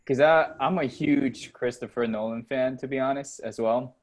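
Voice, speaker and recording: Young male crew member, excitable, quick to laugh, mid-pitched. Casual group chat. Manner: excitable, laughs often, apologetic. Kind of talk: casual chat, game discussion.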